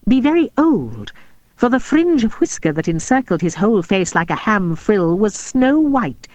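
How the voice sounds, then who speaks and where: An older woman narrating a children's classic audiobook in a measured, expressive way. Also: medium pitch, no room sound. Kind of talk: storybook narration.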